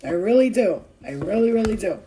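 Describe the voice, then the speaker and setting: A woman's voice: mid-range voice, animated, a little fast, mellow, slight background noise, poor audio. A young woman talking to her viewers in a rambling, heartfelt way, full of fillers and restarts, and tearful at times. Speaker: spiritual vlogger. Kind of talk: emotional casual talk to viewers.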